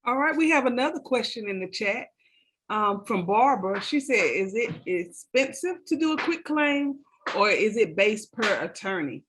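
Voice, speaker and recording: Breathy woman moderating a meetup. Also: mid-range voice, very animated, normal speed, fairly bright tone, rough recording. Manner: reads chat questions, brief introductions.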